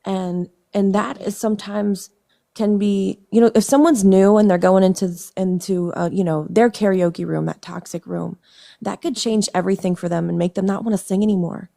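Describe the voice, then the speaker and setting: A woman hosting a casual podcast chat, supportive and emphatic with her guest. Her mid-pitched voice slips often into a gravelly vocal fry. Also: fairly even intonation, normal speed, dark tone. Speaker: podcast host.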